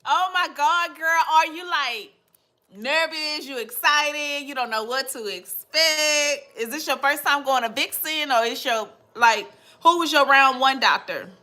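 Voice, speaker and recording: A young adult woman chats live with her viewers. Her voice sits high and sounds bright and forceful. She talks in an animated, gushing way and calls everyone girl and baby. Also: a little slow. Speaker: livestream host. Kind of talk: casual livestream chat with viewers.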